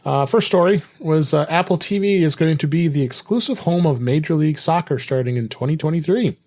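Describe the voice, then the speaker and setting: A man hosting a casual tech podcast, relaxed and full of fillers as he reads out news. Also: a little high, fairly quick. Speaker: podcast host.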